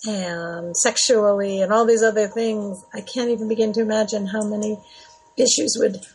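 Breathy chatty woman radio host. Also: medium pitch, steady tone, normal speed, a little mellow, low-quality recording. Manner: chatty, laughs often, earnest. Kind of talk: casual radio talk.

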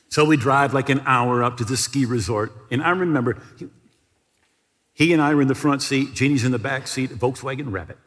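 A man's voice: medium pitch, brisk, fairly bright tone, long reverb tail. A man preaching a television sermon, telling a personal story and leading viewers in prayer. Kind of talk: sermon with altar call.

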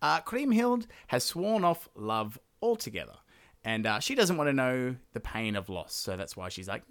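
A man's voice: fairly high pitch, big pitch swings, normal speed, fairly bright tone. A male podcast host casually retelling an old legend on his own, chatty and irreverent, with plenty of filler "uh"s. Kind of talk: casual solo storytelling.

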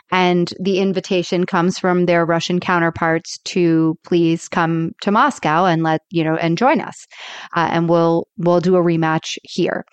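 Woman podcast co-host, smooth dry voice. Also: lowish voice, no echo. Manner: animated retelling with acted-out quotes. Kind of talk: casual chat recapping TV episodes.

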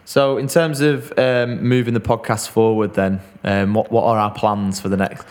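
A man's voice: on the low side, little pitch movement, moderate pace, a little mellow. A man co-hosting a podcast, chatting casually and rambling with fillers and restarts. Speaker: podcast co-host. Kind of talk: casual chat.

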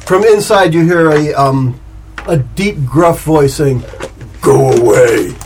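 A man's voice: fairly high pitch, expressive, slow pace. A man narrating as game master in a playful, laughing way. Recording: distant mic with light noise.

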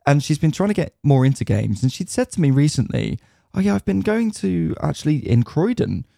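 A man's voice: fairly high pitch, big pitch swings, brisk, gravelly, warm tone, no echo, studio quality. A man co-hosting a gaming podcast, talking casually and relaying news and stories with fillers. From United Kingdom. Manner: talks at length, relays news and anecdotes with fillers. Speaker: podcast co-host. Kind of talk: casual chat.

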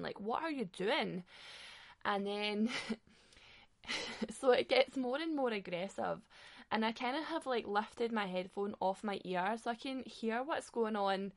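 A woman telling a funny anecdote in a casual, animated way, swearing freely and saying "like" often. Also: mid-range voice. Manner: animated, chatty, swears a lot; frequent filler "like". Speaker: storyteller.

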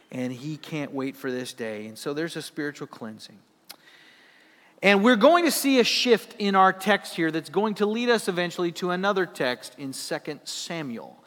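High-voiced preacher in a reverberant hall. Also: male voice, fairly bright tone. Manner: emphatic teaching with rhetorical questions. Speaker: pastor. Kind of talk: sermon.

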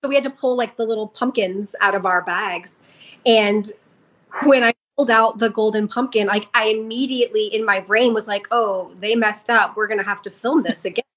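A woman's voice: mid-range voice, steady tone, moderate pace, a bit bright. A young woman, a podcast guest, telling a story with feeling in a casual interview.

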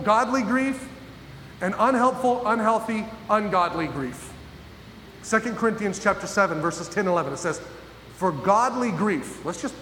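A man preaching a sermon as pastor, emphatic and full of pauses, often asking his listeners questions. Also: sits high, a bit bright. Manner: emphatic, pausing, asks the audience questions. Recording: echoey hall with faint noise.

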